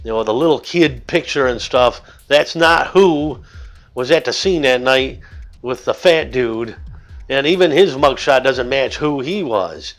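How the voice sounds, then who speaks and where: A man's voice: mid-range voice, expressive, a little slow, soft background music. An older man giving rambling, argumentative commentary in his own vlog. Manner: rambling, argumentative, acts out yelling. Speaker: vlogger. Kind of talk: opinionated commentary.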